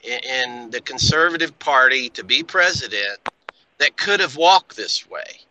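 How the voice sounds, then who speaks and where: A man's voice: mid-range voice, animated, unhurried, bright, forceful tone, a little hiss or hum, poor audio. A man making an argument in an emphatic way with folksy grammar. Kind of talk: casual chat.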